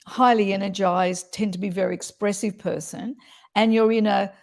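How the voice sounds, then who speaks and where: A woman voice coach talks through voice technique in a lively, expressive way. Her voice sits in a middle pitch with a gravelly, fry-tinged edge. She often slips into short demonstrations while she explains. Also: normal speed. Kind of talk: explanatory interview chat.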